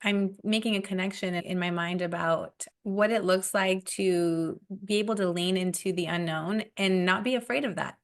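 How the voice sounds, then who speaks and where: Gentle reflective woman host. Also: on the low side, normal speed, few pauses. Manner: gentle, reflective, laughs softly. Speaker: podcast host, parent. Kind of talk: casual conversation.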